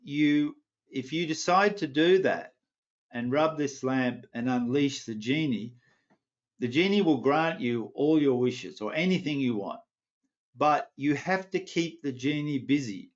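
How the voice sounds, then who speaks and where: A man voicing an old village elder in a parable, who speaks in a measured, warning way. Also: medium pitch, lively intonation, dull audio, voice pushed up, natural voice.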